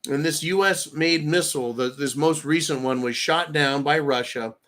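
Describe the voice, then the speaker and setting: An American man hosting a live stream, ranting loudly with crude insults between reading out donations. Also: on the high side, normal speed. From United States.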